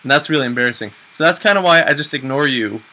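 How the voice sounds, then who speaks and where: A man's voice: medium pitch, expressive, fast, bright, forceful tone, rough recording. A young man hosting a casual chat video, joking and self-mocking as he acts out little everyday scenes. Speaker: video host.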